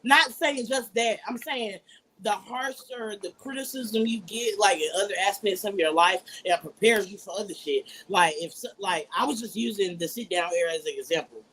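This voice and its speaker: A woman's voice: medium pitch, normal speed, fairly bright tone, slight background noise. A woman co-hosting a casual group discussion, talking bluntly and with frequent profanity. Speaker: podcast co-host.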